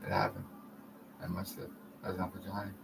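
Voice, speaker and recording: A man's voice: low voice, big pitch swings, a little fast, creaky, very noisy. A man from Canada rambling profanely to camera, jumping from topic to topic.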